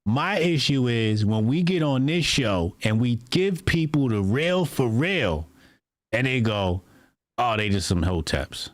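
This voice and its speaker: A man co-hosting a podcast, talking in a casual, animated, mocking way and often mimicking other people. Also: medium pitch, slow, no echo. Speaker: podcast co-host.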